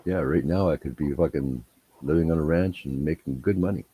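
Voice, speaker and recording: A man's voice: a bass voice, a little fast, mellow, a little hiss or hum. A man telling rambling, profane anecdotes in casual chat. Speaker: storyteller.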